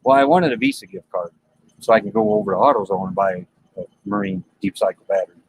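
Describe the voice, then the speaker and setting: Gravelly, plain-spoken storyteller man. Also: on the low side, quick pace, a little hiss or hum, rough recording. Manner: animated, acts out dialogue in the story. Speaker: live stream host. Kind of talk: casual storytelling to live chat.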